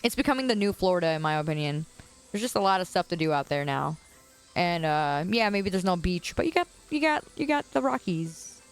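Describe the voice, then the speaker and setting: A woman's voice: on the low side, big pitch swings, a little fast, smooth, soft background music. Chatty young woman streaming outdoors. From Chicago area. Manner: chatty, laughs often, answers chat comments. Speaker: livestreamer. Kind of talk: casual chat with viewers. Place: outdoors on a quiet suburban curb.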